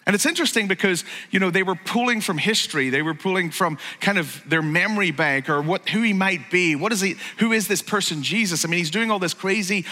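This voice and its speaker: A male pastor delivers a lively sermon and keeps slipping into acted-out quotes and casual asides. His voice sits high and bright, and a long reverb trails after it. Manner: animated, acts out quoted lines, conversational asides.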